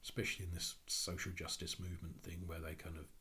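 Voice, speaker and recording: A man giving a reflective spoken talk on psychology, thinking aloud in a halting way with frequent restarts. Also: low-pitched, flat delivery, bright, forceful tone, slight background noise. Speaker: speaker on Jungian psychology.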